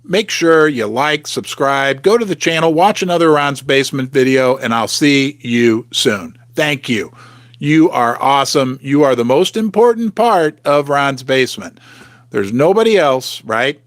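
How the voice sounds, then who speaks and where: A man hosting a casual livestream, chatting with viewers and reading their comments aloud, with animated outbursts. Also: mid-range voice, a little slow, dry recording, studio quality. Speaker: livestream host.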